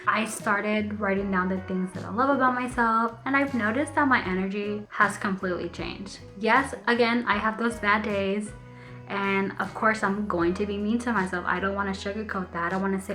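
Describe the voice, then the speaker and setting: A young woman talks straight to camera in a personal vlog, open and chatty with easy laughs. Her voice sits at an ordinary middle pitch, and she slows down and softens when things turn tender. Soft music plays faintly underneath. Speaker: vlogger.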